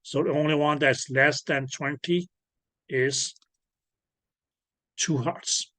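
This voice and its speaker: A man's voice: a little high, steady tone, slow, a bit bright, no room sound. A man teaching an online class, patiently checking that students follow and often correcting himself. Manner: patient, checks understanding, frequent self-corrections. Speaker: lecturer. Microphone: video call.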